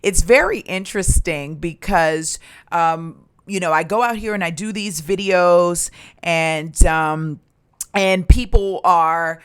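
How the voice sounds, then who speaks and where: This Maryland, USA, recruitment and staffing coach is a middle-aged woman with a fairly low, clear, resonant voice and a slow pace. She leads an upbeat motivational business tutorial, with fillers and restarts along the way.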